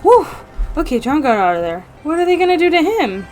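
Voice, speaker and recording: A woman hosting a reaction video, commenting casually and excitably, gasping and talking to the screen. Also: high-pitched, a little fast, soft background music.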